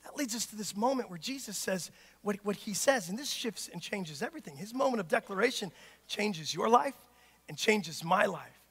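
A pastor preaches to his congregation in a very high, ringing voice, dropping quiet and then shouting for emphasis. His passionate delivery carries a long church-hall reverb. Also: lively intonation, normal speed, breathy edge. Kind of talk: sermon. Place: church sanctuary.

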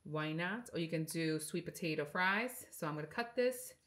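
A woman vlogger chatting to her viewers while cooking, warm and encouraging, recorded without a mic in a home kitchen. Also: low-pitched, animated, moderate pace. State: sick, under the weather. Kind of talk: casual chat while cooking. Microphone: no mic, camera's built-in mic.

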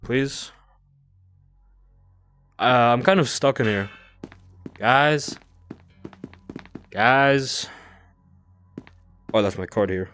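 A young man giving casual commentary while he plays a game, excitable and cooing at a creature in baby talk. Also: mid-range voice, very slow, pauses often, clean tone, faint music behind. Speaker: gaming video creator.

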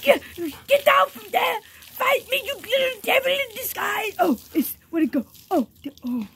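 A woman voicing a playful, boastful pet dog battling water, speaking in excited, stammering baby-talk for a home video. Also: very high voice, moderate pace, creaky, a little hiss or hum, heavily acted.

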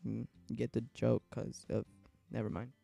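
A man giving casual, joking commentary over a life-sim game, getting frantic and yelling at the screen. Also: mid-range voice, level tone, normal speed, vocal fry, husky, soft background music. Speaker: gaming commentator.

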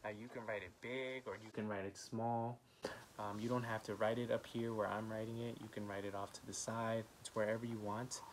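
Gentle low-voiced man teaching art. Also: little pitch movement, brisk, a little hiss or hum. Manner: gentle, encouraging, many "um" fillers. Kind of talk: children's art lesson.

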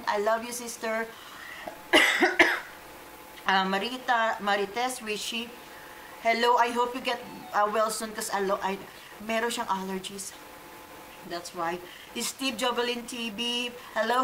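A woman with a Filipino accent from the Philippines, reading out casual shout-outs in a vlog, chatty and hesitant with many fillers. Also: a little high, steady tone, measured pace, long pauses, echoey room, slight background noise, poor audio. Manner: chatty, hesitant, fillers and Tagalog code-switching. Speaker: vlogger.

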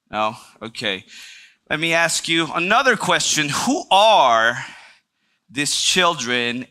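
A man's voice: medium pitch, sharp tone. A man giving a church breakout talk. He shares a personal testimony with the group, asks them questions, jokes with them, and talks earnestly. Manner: engages the audience with questions and jokes. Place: church meeting room.

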